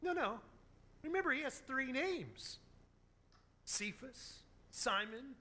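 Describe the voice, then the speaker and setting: A man preaching a sermon as a pastor, telling stories in an animated, joking way. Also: very high-pitched, slow.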